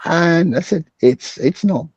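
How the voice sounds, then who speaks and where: A man's voice: slow pace, darkish tone, slightly rough, dry recording, lo-fi sound. A middle-aged British man telling a story as a guest, acting out the dialogue he quotes. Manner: acts out quoted dialogue with big swings in pitch. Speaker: guest psychologist. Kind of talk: animated storytelling in a conversation.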